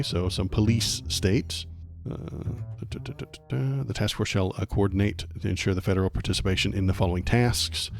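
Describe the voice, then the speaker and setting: A man's voice: on the low side, a little mellow. A man streaming political commentary, reading a document aloud and mocking it with sarcastic, angry asides and frequent stumbles. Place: home streaming setup.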